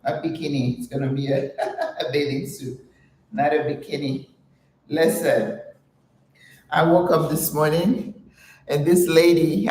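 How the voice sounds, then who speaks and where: An older woman hosting a casual vlog while exercising, chatting and laughing often, with breathy exertion sounds. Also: low voice, a little mellow, heavy reverb, recorded from a distance, a little hiss or hum, low-quality recording. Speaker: channel host.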